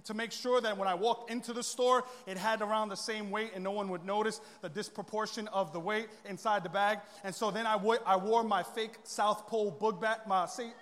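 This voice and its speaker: A young man preaching a sermon, telling a funny story and acting out the dialogue with lots of energy. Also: sits high. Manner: animated, joking, acts out dialogue. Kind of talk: sermon storytelling to a live audience. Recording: long reverb of a large hall.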